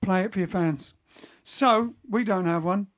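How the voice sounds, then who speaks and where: A man with a high, somewhat bright voice hosts his band's livestream from home during lockdown, speaking at a measured pace as faint music plays behind him. The bandleader and singer rambles and chats casually between songs, correcting himself as he talks.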